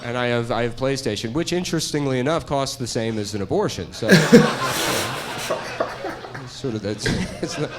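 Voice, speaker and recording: A middle-aged man doing a stand-up comedy set, rambling and deadpan, laughing at his own jokes. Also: medium pitch, moderate pace, noisy background.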